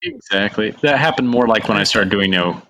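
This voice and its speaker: Male guest, animated storyteller, bright voice, lively pitch. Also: brisk, vocal fry. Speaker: guest, horror actor. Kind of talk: casual storytelling in an interview.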